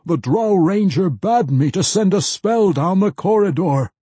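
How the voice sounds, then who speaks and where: A man performs a panicky mage with a high, strained voice that wails and pleads in a storybook reading, sounding husky and close with no room sound. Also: expressive, unhurried, warm tone, no echo, full character voice. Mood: urgent. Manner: wailing, overly dramatic, pleading. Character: frantic male mage who yelps like a dog.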